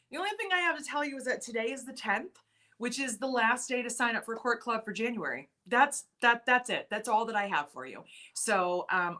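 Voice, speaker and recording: A woman's voice: on the high side, pushed and bright. Chatty woman hosting a live stream. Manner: chatty, laughs often, reads comments aloud. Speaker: livestream host. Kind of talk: casual live-stream chat with viewers.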